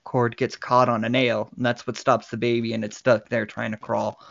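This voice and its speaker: A man's voice: medium pitch, flat delivery, normal speed, vocal fry, fairly bright tone, muffled recording. A man co-hosting a casual movie podcast, retelling scenes in detail and laughing often. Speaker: podcast co-host.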